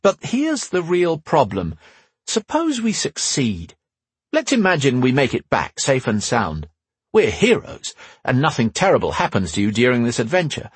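A man's voice: mid-range voice, sing-song, moderate pace, husky, no echo, voice pushed up. A man voicing a weary, sardonic young man with a dry, sarcastic manner. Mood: sardonic, wry.

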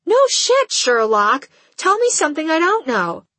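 A woman's voice: fairly high pitch, sing-song, unhurried, fairly bright tone, husky, dry recording, heavily acted. A woman voicing a blunt, sassy teenage girl who is the narrator's best friend. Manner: sassy, bubbly.

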